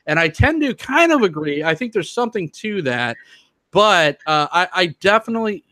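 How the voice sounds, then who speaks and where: A man hosting a film podcast, his voice bright and fairly high for a man. He talks in an easygoing way and moves the discussion along. The sound is dry and close. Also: big pitch swings, moderate pace, no echo. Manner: easygoing, steers the talk between segments. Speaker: podcast host.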